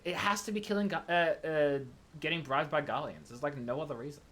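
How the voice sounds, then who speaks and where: A man's voice: a little high, a little fast, fairly bright tone. A man streaming a game, chatting casually in a rambling, self-mocking way full of fillers. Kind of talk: casual gameplay chat.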